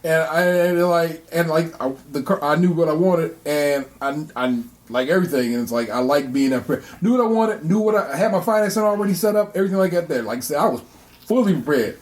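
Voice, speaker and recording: A man's voice: on the high side, brisk. A man co-hosting a podcast, chatting casually and telling stories with acted-out dialogue. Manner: animated storyteller, acts out quoted dialogue, frequent restarts. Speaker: podcast co-host. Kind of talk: casual chat.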